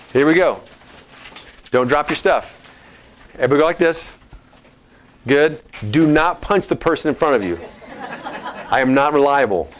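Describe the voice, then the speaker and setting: Man, Texan accent, lively seminar speaker, coaching, joking with audience. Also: mid-range voice. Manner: energetic, coaching, joking with the crowd. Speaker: chiropractor giving a health talk.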